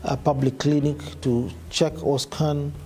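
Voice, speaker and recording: Halting man with a mellow voice. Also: fairly high pitch, little pitch movement. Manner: halting, many fillers. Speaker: county health official. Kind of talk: spoken report to camera.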